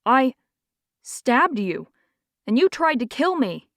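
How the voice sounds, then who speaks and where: A confused, disturbed young man, as a woman narrator reads him in an audiobook. He sounds bewildered and quick to accuse. The voice is close and dry, with no room sound. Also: sits high, big pitch swings, dry recording, voice pushed up, heavily acted. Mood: insistent. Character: young man, shaken and confused after possession.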